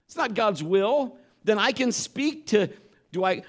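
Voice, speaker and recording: Slow and expressive, this preacher's high, slightly bright voice carries an earnest, emphatic sermon in a conversational style, interlacing Bible passages with personal stories.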